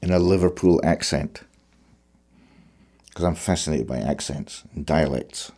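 Male musician, deep and mellow voice, reflective and searching; conversational. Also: a little slow. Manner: thoughtful, searching for words. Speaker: fiddler.

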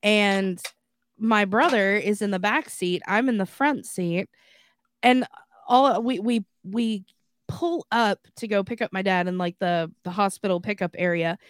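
A woman co-hosting a podcast, telling a childhood story in an animated way, often laughing. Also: medium pitch, unhurried, smooth, dry recording. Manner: animated, laughing, full of fillers. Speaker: podcast co-host. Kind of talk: casual storytelling.

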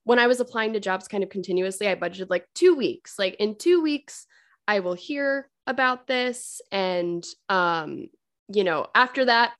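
A woman guest on a podcast, telling a personal story in casual chat, full of "like" fillers and acting out what others said. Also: measured pace. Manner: chatty, many "like" fillers, acts out quoted voices; lively, swings up in pitch on quotes.

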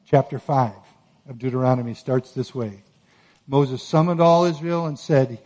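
A man preaching a sermon on Scripture, earnest and emphatic, rising to forceful peaks. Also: mid-range voice, fairly even intonation, moderate pace. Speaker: pastor.

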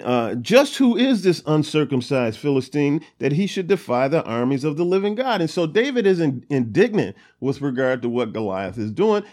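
A man's voice: mid-range voice, darkish tone. Casual man retelling a Bible story. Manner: conversational, many fillers like "you know" and "uh". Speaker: Bible study host. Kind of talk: casual Bible teaching, reading and retelling scripture.

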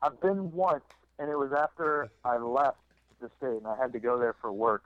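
A man's voice: medium pitch, normal speed, dry recording, narrow, tinny audio. Male podcast caller, mid voice, short dry quips, dead-dry sound. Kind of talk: casual podcast banter.

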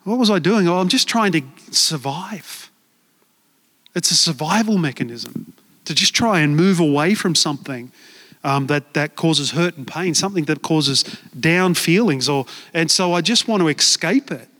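A man's voice: a little high, expressive, normal speed, fairly bright tone, long reverb tail. A male pastor giving a sermon in a church, earnest and conversational, often repeating words as he searches for them.

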